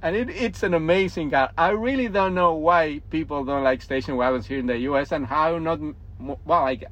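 Eager man, fairly high voice, lo-fi. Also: a little fast, fairly bright tone. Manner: enthusiastic, loose grammar. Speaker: car panelist with a YouTube channel. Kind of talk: casual panel chat.

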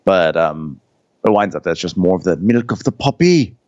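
A man with a very deep voice co-hosts a comedic podcast, recapping a TV episode with wry, dry asides. His mic sounds dry and a little dull, like a lo-fi home recording. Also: animated, moderate pace, a little mellow, no echo. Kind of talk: casual comedic recap chat.

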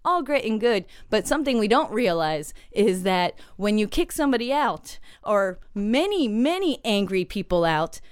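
A woman's voice: mid-range voice, very animated, moderate pace, hardly any pauses, clear, resonant tone, dry recording, studio quality. A woman co-hosting a podcast, telling stories in casual chat with frequent giggles. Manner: chatty storyteller, giggly, many fillers. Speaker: podcast co-host.

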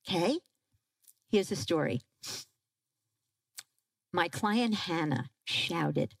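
A woman giving a parenting talk to a live audience, animated and asking the crowd questions. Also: fairly low pitch, takes it slowly, creaky, pauses often, no room sound, low-quality recording. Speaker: parenting speaker.

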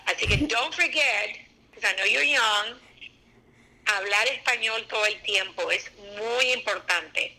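Older Cuban actress, Spanish native, strong accent, animated storyteller, crisp bright tone, casual interview guest. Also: female voice, fairly high pitch, moderate pace, low-quality recording. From Cuba.

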